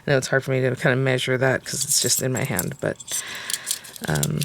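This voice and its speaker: A woman's voice: rumbling low, fairly even intonation, fairly quick, vocal fry, noisy background. A woman hosting a casual crafting tutorial, chatting and thinking aloud with lots of fillers as she works. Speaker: craft channel host.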